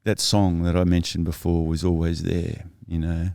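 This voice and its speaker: A man's voice: sits low, little pitch movement, moderate pace, creaky, dark tone, no echo, studio quality. A man as a podcast guest, earnestly telling his life story in a thoughtful, reflective way that is often self-correcting.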